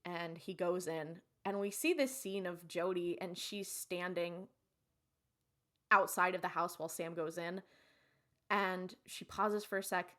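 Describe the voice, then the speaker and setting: Her voice on the low side and her pace measured, a young woman co-hosts a podcast. She casually walks through an episode scene by scene in an animated way, acting out what the characters say.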